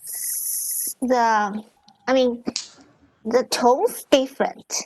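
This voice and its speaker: A woman student answers in short, hesitant bits on a video call. Her voice is a little husky and pitched slightly high. She talks slowly and pauses to find her words. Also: steady tone, a little mellow, rough recording. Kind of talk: answering in class.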